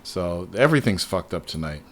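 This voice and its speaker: A man hosting a casual livestream, talking excitedly and swearing often as he rambles to his viewers. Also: low-pitched, moderate pace, slight background noise. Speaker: livestream host.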